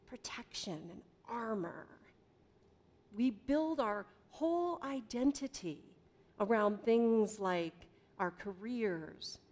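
A middle-aged woman preaching a sermon in a conversational way, with dramatic pauses and big swings in volume. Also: on the high side, darkish tone. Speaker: pastor.

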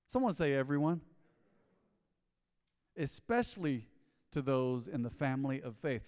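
A man preaching a sermon as pastor, telling a story in a lively way and acting out the dialogue. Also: a little high, moderate pace, long pauses. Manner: storytelling, animated, acts out dialogue. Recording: long hall reverb.

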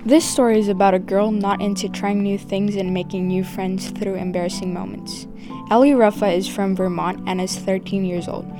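A woman's voice: mid-range voice, level tone, normal speed. A woman host reading a scripted introduction in a plain, informative way. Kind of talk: scripted narration. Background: clear music.

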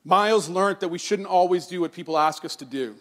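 Middle-aged male pastor, sermon storytelling, slightly high voice, earnest. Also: brisk. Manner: storytelling with animated quoting, then earnest and softer on scripture.

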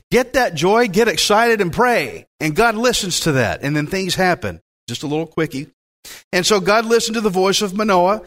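Guy preaching, reads bible verses then riffs all excited and chatty, kinda high voice. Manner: enthusiastic, conversational preaching with asides. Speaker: pastor. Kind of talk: sermon with scripture reading.

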